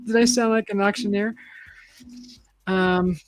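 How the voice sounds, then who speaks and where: A woman's voice: medium pitch, steady tone, takes it slowly, long pauses, darkish tone, no room sound, poor audio. Woman, middle-aged, casual chat, rambling, dry close recording, faint music behind. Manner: rambling and chatty, with frequent restarts and laughs. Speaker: host. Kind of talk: casual chat and reading aloud.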